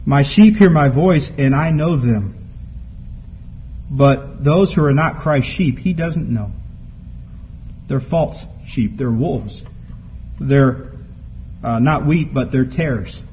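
A man preaching a sermon from scripture, building to emphatic peaks and then dropping low and quiet. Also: takes it slowly, pauses often. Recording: muffled lo-fi recording with faint background noise.

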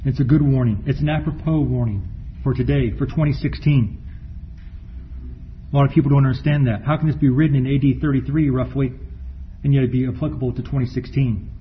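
A man preaching a sermon, reading scripture aloud slowly and stressing key words as he explains them. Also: mid-range voice, fairly even intonation. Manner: slows down to stress words, reads scripture deliberately. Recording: dull recording with faint room noise.

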